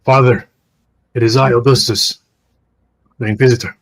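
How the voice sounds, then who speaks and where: A man voicing an earnest, protective male church inquisitor who speaks gently. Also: on the low side, steady tone, unhurried, husky, poor audio. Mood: urgent.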